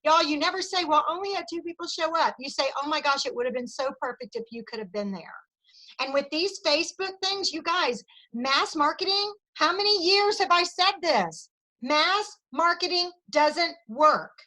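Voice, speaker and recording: Woman, high bright voice, peppy sales team pep talk, video call. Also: animated, normal speed, rough recording. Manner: enthusiastic, cheering, Southern "y'all". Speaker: sales director leading a team meeting.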